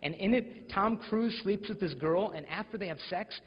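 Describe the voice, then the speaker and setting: Animated young American man, husky, echoey hall. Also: high-pitched, moderate pace. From United States. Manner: animated storytelling, mimics voices. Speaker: school speaker. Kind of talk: live motivational talk to teens. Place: school auditorium. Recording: echoey hall, dull lo-fi sound.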